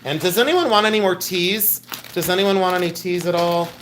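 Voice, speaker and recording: A man's voice: high-pitched, a little fast, a bit bright, a little hiss or hum. A man hosting a live jewelry sale stream, talking in a chatty, rambling, jokey way and showing affection toward his viewers. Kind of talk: casual live sales stream.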